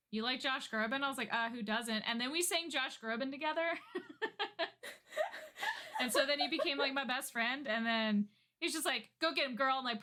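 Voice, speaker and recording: A woman co-hosting a podcast, telling stories in casual chat with an animated manner and frequent laughter. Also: high voice. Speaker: podcast co-host.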